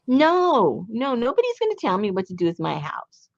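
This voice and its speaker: Chatty woman craft host, lively pitch. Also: normal speed, creaky, no echo, lo-fi sound. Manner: chatty, laughs often, many ums and trailing restarts. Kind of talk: casual chat.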